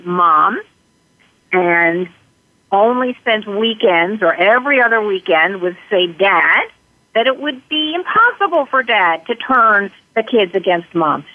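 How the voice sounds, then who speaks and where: A woman's voice: mid-range voice, lively intonation, a little slow. A woman guest expert giving earnest explanatory answers in an interview, slipping into short quoted lines to illustrate her points. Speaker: guest expert on parental alienation. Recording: tinny phone line.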